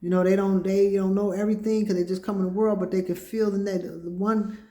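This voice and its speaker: A woman hosts a casual livestream talk show from home, rambling as she chats with viewers. Her dark-toned voice is medium-pitched and steady, and she talks a little fast. The room is echoey.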